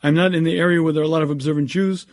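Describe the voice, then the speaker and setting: A man giving an earnest Torah lecture as a rabbi, often clearing his throat, then reading out audience questions. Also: a little high, steady tone, very fast.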